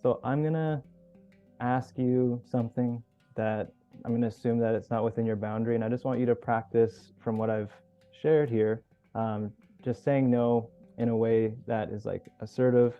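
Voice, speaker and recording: A man hosting a group video call as coach, teaching in a relaxed, casual way. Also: mid-range voice, moderate pace, clear, resonant tone. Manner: relaxed, casual, swears now and then. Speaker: workshop host and coach. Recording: dull lo-fi call audio with faint music.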